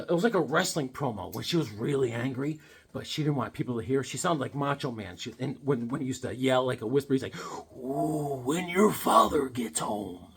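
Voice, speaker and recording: A man's voice: mid-range voice, creaky, slightly rough. A man casually chatting about his comic books, rambling and cracking corny one-liners. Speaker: comic book vlogger. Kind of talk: casual comedic chat.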